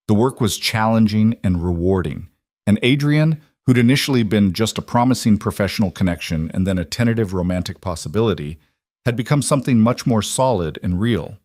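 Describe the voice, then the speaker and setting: A man narrating a drama story in scripted, even, measured storytelling. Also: fairly low pitch, no echo, clean studio sound.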